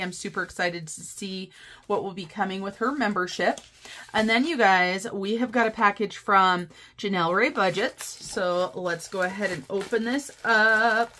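A woman's voice: mid-range voice, bright, forceful tone. A woman chatting casually to her viewers as a budgeting vlogger, bubbly and gushing. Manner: bubbly, gushing, often says "you guys". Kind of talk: casual chat to camera.

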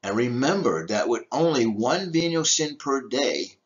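Older man preaching with a lively voice. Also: medium pitch, measured pace, few pauses, muffled recording. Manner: emphatic, rhetorical questions, lively delivery. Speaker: deacon. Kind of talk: teaching talk on church history.

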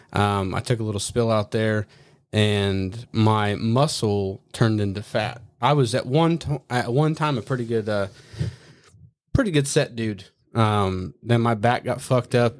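A man's voice: on the low side, moderate pace. A man in his thirties, a Marine staff sergeant telling stories in a casual podcast chat, swearing a lot and laughing as he talks.

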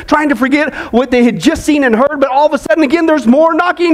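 A man, a pastor, telling a joke story in a sermon in an animated, playful way. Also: very high-pitched, fast talker, few pauses. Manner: animated, joking, draws in the audience.

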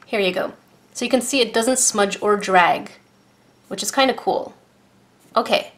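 A woman reviewing art supplies in a casual unboxing vlog, gushing and excitable as she talks to her viewers. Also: mid-range voice, unhurried.

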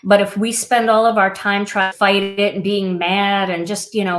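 A woman's voice: mid-range voice, level tone, normal speed, hardly any pauses. A middle-aged woman hosting a crafting livestream, talking casually and reflectively with many fillers. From Wisconsin.

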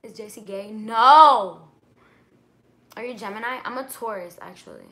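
Bright-voiced young woman chatting on a livestream. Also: medium pitch, quick pace, creaky. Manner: chatty, answering viewer questions. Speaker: livestream host. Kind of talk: casual livestream chat with viewers.

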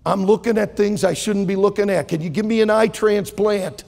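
A man acting out a desperate male patient begging a doctor for help, his voice climbing to shouts. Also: high-pitched, fairly even intonation, moderate pace, vocal fry, long reverb tail. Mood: pleading. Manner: pleading, rising to shouts.

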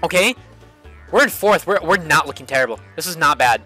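High, lively young gaming streamer. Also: male voice, brisk, slightly rough. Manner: frustrated, swearing, repeats himself. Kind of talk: live gameplay commentary. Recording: game music playing behind.

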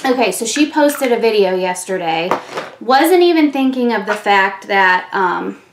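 A woman's voice: medium pitch, animated, a little slow, slight background noise. A middle-aged woman chatting casually while doing her makeup, telling stories with plenty of fillers and frequent laughs. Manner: chatty storytelling, laughs often, many fillers. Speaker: beauty vlogger. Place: room at home. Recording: echoey home room.

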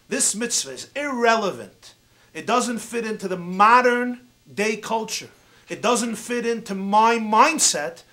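A man, a rabbi, giving a storytelling lecture, animated and theatrical as he acts out both sides of a conversation. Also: sits high. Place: university lecture event.

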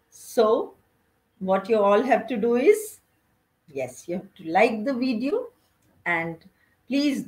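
A woman's voice: medium pitch, low-quality recording. A woman, teaching a recorded lesson and asking her students rhetorical questions. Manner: explanatory, asks rhetorical questions. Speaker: English teacher. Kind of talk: recorded lesson explaining a play.

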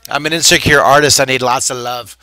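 A man's voice: medium pitch, fairly even intonation, a little fast, sharp tone, no echo. Playful, chatty man teaching drawing. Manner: chatty, playful, self-mocking. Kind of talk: live drawing lesson. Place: art camp in Texas.

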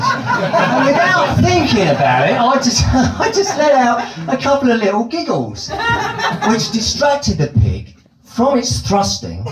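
A man's voice: high voice, reverberant, noisy background. A British man doing stand-up comedy, telling a long story in elaborate, ironic phrasing on a club stage with a handheld mic.

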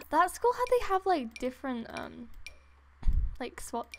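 A young woman giving excited gameplay commentary at home on a desktop mic, giddy and breathless, laughing, gasping and trailing off mid-sentence. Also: high-pitched, slow, slight background noise. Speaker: gaming YouTuber. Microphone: desktop USB microphone.

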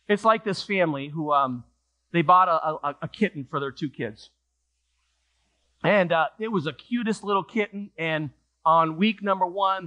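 Animated, high-voiced preacher telling a story. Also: male voice. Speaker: pastor. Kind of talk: sermon. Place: church sanctuary.

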